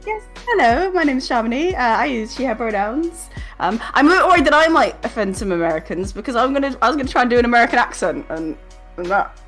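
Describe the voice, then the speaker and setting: Slightly high, lively-voiced woman player, hesitant and giggly over a video call. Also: fast talker, faint music behind. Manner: nervous, laughing, hesitant. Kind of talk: casual chat.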